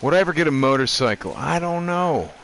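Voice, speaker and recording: A man doing animated, joking commentary while streaming a video game and talking to his chat. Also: a little high, fairly quick, vocal fry, slight background noise. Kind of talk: gaming commentary.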